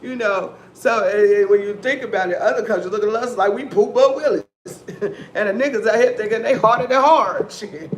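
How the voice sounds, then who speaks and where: A woman hosting a casual commentary stream, telling stories in a rambling, profane, animated way. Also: medium pitch, brisk, few pauses. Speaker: host of a news-and-commentary stream. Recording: echoey room, faint background noise.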